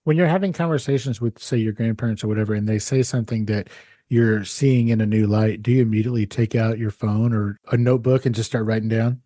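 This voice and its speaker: A man's voice: lowish voice, fairly even intonation, fast, warm tone, no echo, studio quality. A man hosting a podcast, asking curious questions with a joking, easygoing manner. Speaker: podcast host. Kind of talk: casual interview chat.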